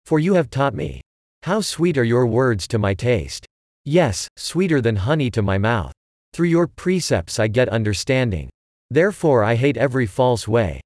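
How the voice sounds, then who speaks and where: A man giving a measured, steady reading of scripture aloud. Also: mid-range voice, no echo, studio quality. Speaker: scripture reader.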